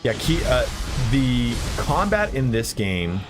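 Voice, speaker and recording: A man's voice: medium pitch, sing-song, slow. A man streaming a video game, chatting casually with viewers and swearing when the game beats him. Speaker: gaming streamer. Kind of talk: casual live-stream commentary while playing. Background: faint game music.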